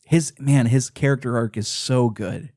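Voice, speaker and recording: Male podcast host, casual chat, animated retelling, mid pitch, dry close sound. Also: moderate pace, dry recording. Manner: animated retelling, frequent "uh" fillers.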